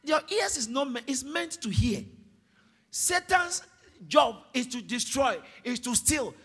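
A man preaching a sermon to a congregation, swinging from soft explanation to loud calls for the crowd to read aloud. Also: very high voice, big pitch swings, measured pace, breathy edge. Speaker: pastor. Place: church hall with congregation.

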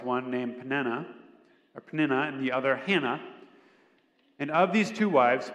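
Guest preacher, male, slightly high voice, earnest storyteller, long hall reverb. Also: fairly bright tone. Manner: earnest storytelling, occasional restarts. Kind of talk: sermon with scripture reading.

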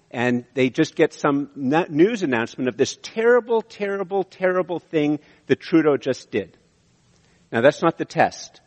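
A man from Canada preaching a sermon, animated, with emphatic rises and frequent restarts. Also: a little high. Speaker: pastor. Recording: reverberant hall from a distance.

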